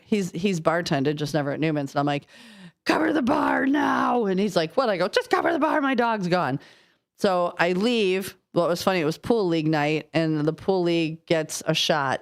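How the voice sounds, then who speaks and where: A woman's voice: deep voice, clean tone. A woman co-hosting a local radio show, telling a story in casual banter and acting out the quotes. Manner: lively storyteller, acts out quotes. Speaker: radio co-host. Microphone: studio microphone.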